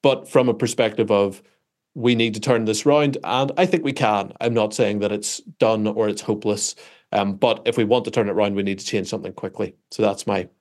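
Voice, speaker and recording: Northern irish guy, author being interviewed, lively storyteller, keeps restarting sentences, pokes fun at himself. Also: fairly low pitch, a little fast. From Northern Ireland. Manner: self-deprecating, animated storytelling with many restarts. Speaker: author and guest. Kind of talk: conversational interview answers.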